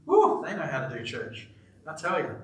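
A lively male pastor with a high voice delivers a sermon at normal speed in an echoey church auditorium, with a live congregation present. He tells stories animatedly with playful asides, and he sounds far from the mic, with slight background noise.

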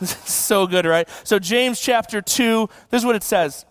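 A man's voice: high-pitched, measured pace, fairly bright tone, no echo. A young adult man giving a casual sermon as a guest preacher, conversational and joking, with many "like" fillers.

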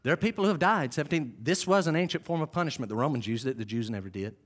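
A male pastor delivers a sermon in a large church hall, and his voice rings with long reverb. He drops low and quiet to teach, then climbs loud and high to tell a story vividly. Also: expressive, rapid-fire.

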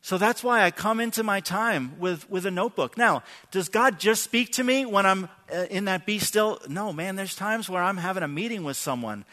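A man giving a conversational sermon, his voice pitched high and bright. He talks earnestly and casually, repeating words as he goes and checking in with "right?". A long reverb trails behind him, as in a large hall. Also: expressive, moderate pace, few pauses. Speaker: pastor.

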